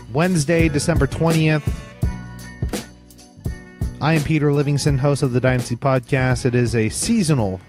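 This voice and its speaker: A man hosting a fantasy football podcast in a casual, rambling chat, swearing freely and restarting his sentences. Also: fairly high pitch. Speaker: podcast host.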